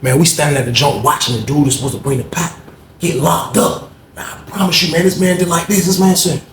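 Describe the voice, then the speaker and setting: A man casually telling a story, animated and acting out the people he quotes in a higher voice. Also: brisk. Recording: echoey room with faint noise.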